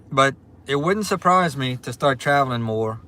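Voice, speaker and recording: Chatting at a measured pace, this Louisiana livestream host has a mid-range voice and a Southern accent. He reads viewer comments aloud in a relaxed, drawling manner.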